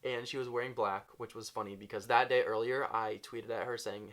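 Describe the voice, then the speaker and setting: At a moderate pace, a young man with a mid-range, slightly bright voice shares a storytime vlog. His bubbly, gushing delivery has "like" in almost every line.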